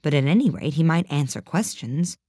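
A woman's voice: low-pitched, lively intonation, brisk, mellow, slightly rough, dry recording, studio quality. A woman voicing a polite but exasperated young girl who keeps asking earnest questions. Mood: insistent.

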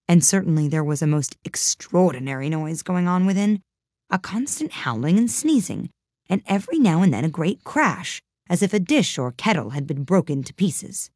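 A woman narrating a storybook in a measured, even way. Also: lowish voice, dry recording, clean studio sound. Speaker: audiobook narrator.

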